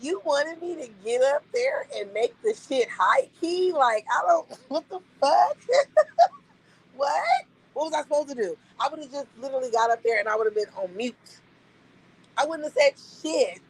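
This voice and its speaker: A woman's voice: high voice, lively intonation, moderate pace, low-quality recording. A young adult woman streaming live, venting bluntly and incredulously to her chat, repeating her points for emphasis.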